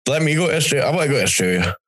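A man's voice: mid-range voice, animated, racing, fairly bright tone, husky, rough recording. A Scottish man and stand-up comic, chatting casually on a podcast in a rambling, sweary, stop-start way. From Scotland. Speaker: stand-up comedian, podcast co-host. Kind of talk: casual chat.

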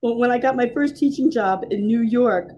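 A woman, the host's mother, chatting casually on a podcast and telling family anecdotes in a relaxed, homey way. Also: a little high, normal speed, highs cut off.

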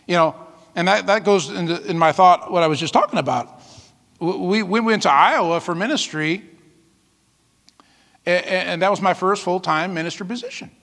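A male pastor delivers a sermon in a high, bright voice with a gravelly edge. He preaches in a folksy, storytelling way, full of asides. The sound rings out with a long hall reverb.

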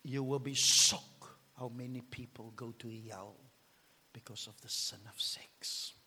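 A man preaching a fiery sermon as pastor, swinging between shouts and hushed whispers. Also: mid-range voice, a little hiss or hum. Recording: long hall reverb.

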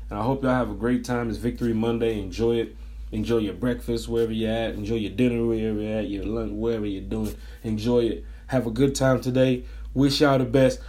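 A man hosts his own sports fan show, his voice worn hoarse from screaming. He talks in casual, energetic, repetitive hype at a middle pitch. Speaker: fan podcast host.

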